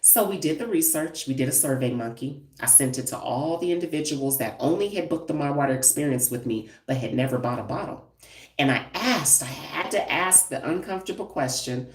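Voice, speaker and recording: Low-voiced blunt woman in her fifties. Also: lively intonation, fairly quick. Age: 50s. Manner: blunt, emphatic, talks straight to viewers. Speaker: hairstylist and brand owner. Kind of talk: live-stream casual talk. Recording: echoey room, distant from the mic.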